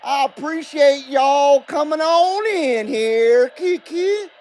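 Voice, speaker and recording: Brief: a man putting on a hammy Southern good ol' boy, slow and high. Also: darkish tone. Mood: folksy, hammy. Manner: slow, hammed-up drawl with hollers. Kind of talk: livestream radio banter.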